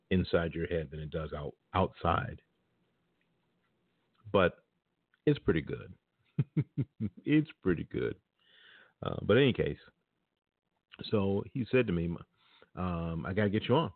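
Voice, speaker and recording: Blunt deep-voiced man on a phone line. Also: no room sound. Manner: blunt and opinionated, speaks directly to listeners. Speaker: podcast talk-show host. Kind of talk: casual spoken monologue.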